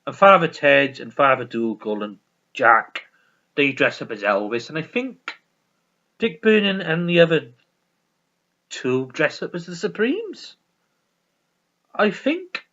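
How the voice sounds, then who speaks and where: A man's voice: fairly high pitch, big pitch swings, unhurried, long pauses, pushed and bright. A man chatting casually as a vlogger, rambling with restarts and chuckling along. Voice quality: rambling, many restarts and laughs. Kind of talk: casual chat about a sitcom. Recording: dull lo-fi recording.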